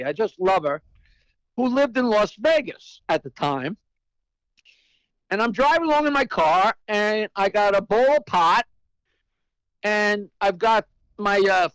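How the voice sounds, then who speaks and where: Male comedian, crude storytelling, acts out the quotes, very high voice, dry sound. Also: a bit bright, no room sound, rough recording. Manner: brash, profane joke-teller. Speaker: guest comedian. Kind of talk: storytelling anecdote.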